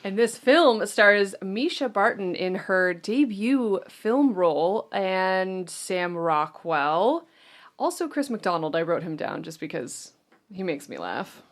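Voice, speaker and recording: A woman's voice: medium pitch, expressive, takes it slowly. Chatty woman hosting a film podcast. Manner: chatty, laughs often, reads synopsis aloud. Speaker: podcast host. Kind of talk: casual film podcast chat.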